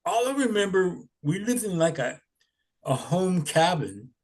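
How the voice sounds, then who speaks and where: A man's voice: high-pitched, sing-song, a little slow. An older man telling stories in a rambling, chuckling way, full of "you know"s. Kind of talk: casual storytelling.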